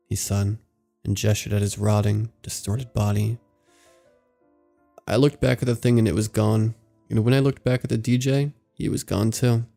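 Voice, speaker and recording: Gravelly low-voiced male horror narrator. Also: dark tone. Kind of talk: scripted horror story narration.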